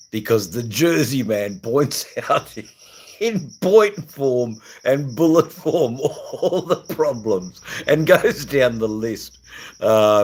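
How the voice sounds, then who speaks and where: Slow, rambling Australian man. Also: mid-range voice, low-quality recording. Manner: rambling, crude and jokey, many fillers. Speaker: livestream host. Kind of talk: casual livestream chat reading viewer comments.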